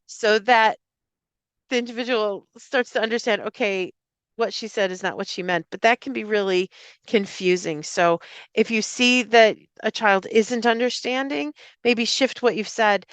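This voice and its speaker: Clear-voiced Irish woman giving a talk. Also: mid-range voice, moderate pace, dry recording. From Ireland. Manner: clear, explanatory, with frequent fillers and restarts; acts out example phrases in a lifted voice. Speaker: speech and language therapist. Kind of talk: live talk to parents and educators.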